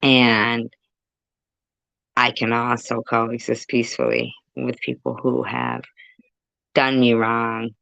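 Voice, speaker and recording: A woman's voice: a bass voice, slow pace, gravelly, pauses often, a bit bright, no echo, dull audio. A woman ranting profanely and confrontationally on a phone livestream, rambling and chatting with her viewers. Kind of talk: livestream rant.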